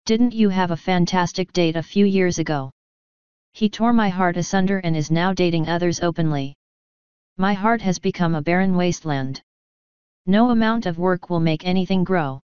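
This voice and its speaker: A woman reading a fanfiction story aloud in an even, measured way, giving every character the same plain voice. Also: fairly low pitch, clean tone, no echo. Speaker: fanfiction reader. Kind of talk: audiobook-style story narration. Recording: dull, slightly lo-fi sound, dry close mic.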